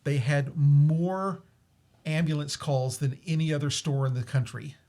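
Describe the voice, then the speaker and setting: A man's voice: a little high, measured pace. Chatty man telling a ghost story. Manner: animated, laughs often, many fillers and restarts. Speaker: host. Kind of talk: casual storytelling.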